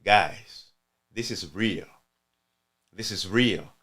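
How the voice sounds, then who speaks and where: A man's voice: lowish voice, very slow, fairly bright tone, slightly rough. A man hosting a channel who comments earnestly on an interview clip, addressing viewers directly and repeating himself for emphasis.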